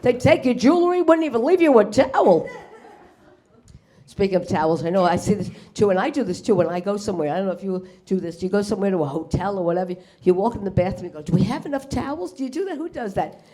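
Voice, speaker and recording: A woman's voice: medium pitch, lively intonation, fast, warm tone. A middle-aged woman doing a stand-up set on a club stage. She swears freely and acts out the characters in her punchlines. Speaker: stand-up comedian. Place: comedy club stage before a live audience.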